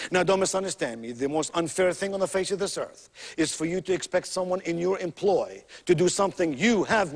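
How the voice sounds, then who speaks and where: A man's voice: on the high side, long reverb tail. A man giving a motivational keynote, telling stories with emphatic, theatrical delivery and rhythmic repetition. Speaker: motivational speaker.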